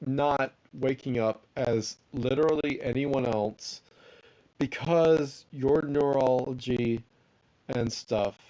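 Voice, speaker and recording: A man in a casual chat, slowly explaining an idea and rambling with fillers. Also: medium pitch, dark tone. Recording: dull lo-fi sound.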